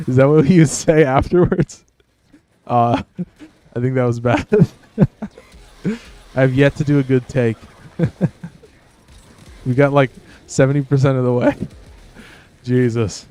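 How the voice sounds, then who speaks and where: A man's voice: mid-range voice, takes it slowly, long pauses, warm tone. A man giving casual, profane, self-amused commentary while playing a video game. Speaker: gaming streamer.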